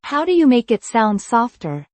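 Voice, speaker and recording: A woman reading an English lesson in a clear, measured way, saying each example phrase twice. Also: fairly high pitch, big pitch swings, a little mellow, no echo. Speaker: English teacher voice. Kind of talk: slow scripted language-lesson reading.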